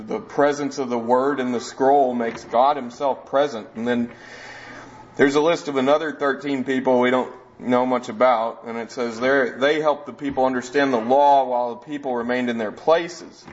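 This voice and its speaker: A man explains scripture verse by verse in an easygoing, conversational manner, with frequent restarts and asides. His voice is mid-pitched. The recording sounds a bit dull and muffled. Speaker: preacher. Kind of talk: verse-by-verse Bible teaching.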